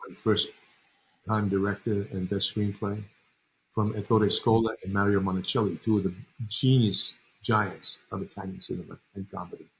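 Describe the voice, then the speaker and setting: A man's voice: fairly low pitch, flat delivery, normal speed, slight background noise, low-quality recording. An older man from New York, a guest in an interview, telling long rambling stories and acting out the people in them. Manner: rambling anecdotes, acts out other people. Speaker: guest, actor and director. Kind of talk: relaxed interview storytelling.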